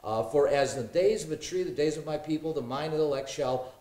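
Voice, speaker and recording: A man's voice: on the high side, brisk, warm tone. Man reading scripture in an echoey room. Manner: reads scripture aloud, hesitant with fillers, jokes and laughs. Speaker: Bible study panelist. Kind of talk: casual Bible study discussion.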